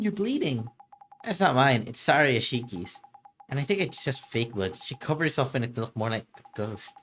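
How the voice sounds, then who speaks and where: A streamer reading a mystery game's dialogue aloud on a live stream in shifting, animated voices. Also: mid-range voice, slight background noise.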